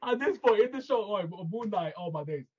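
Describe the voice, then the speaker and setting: A man co-hosting a casual TV review chat, excitable and laughing often, swearing casually. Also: sits high, moderate pace, husky, dull audio. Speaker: podcast co-host.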